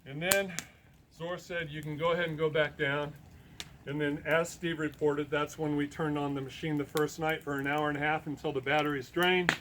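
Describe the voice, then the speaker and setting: A man telling a long personal story in a talk, animated and acting out the voices of the people he quotes. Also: on the high side, moderate pace, slight background noise, poor audio. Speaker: guest speaker.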